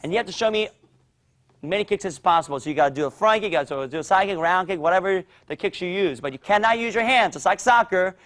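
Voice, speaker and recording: A man teaching a martial arts class for young children, explaining drills and loudly cheering the kids on. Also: high-pitched, quick pace. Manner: energetic, coaching and cheering children on. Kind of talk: instructional demo with kids.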